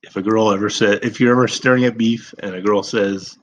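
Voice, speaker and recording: A man's voice: lowish voice, fairly even intonation, fairly quick, slight background noise, low-quality recording. A young man telling a personal story in a rambling, self-deprecating way, swearing freely. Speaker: vlogger. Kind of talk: casual storytelling.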